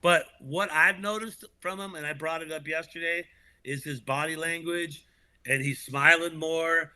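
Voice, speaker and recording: A man with a very bright, forceful voice, pitched a little high for a man. He co-hosts a casual sports talk show, speaking in an animated way, laughing often and restarting sentences. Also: measured pace, smooth. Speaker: podcast co-host.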